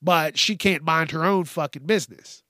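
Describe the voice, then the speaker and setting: A man's voice: fairly high pitch, normal speed, pushed and bright, dry recording, studio quality. A man hosting a podcast, ranting bluntly and swearing often in a casual monologue. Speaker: podcast host.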